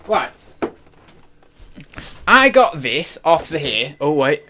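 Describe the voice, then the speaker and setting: A young man chats casually on a livestream through a desk microphone, rambling, joking, and cutting himself off mid-sentence. His voice is fairly high, very animated, pushed and bright, and he takes it slowly. There's slight background noise.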